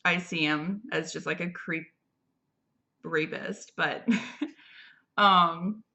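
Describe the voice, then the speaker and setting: A woman's voice: on the low side, fairly even intonation, drawn-out words, sharp tone. A young adult woman giving a casual, rambling movie review, chatty and full of fillers and restarts. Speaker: film reviewer.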